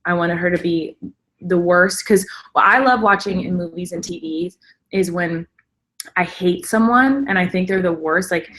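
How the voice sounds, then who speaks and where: A woman's voice: fairly low pitch, moderate pace, fairly bright tone. A woman hosting a casual live stream, talking at length in an enthusiastic, rambling way with many fillers.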